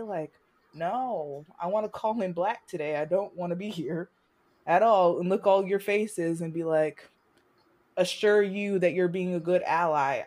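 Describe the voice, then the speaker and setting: A young woman, a student, speaking candidly in conversation, impassioned and halting, with frequent restarts. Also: lowish voice, a little mellow. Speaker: student sharing experience.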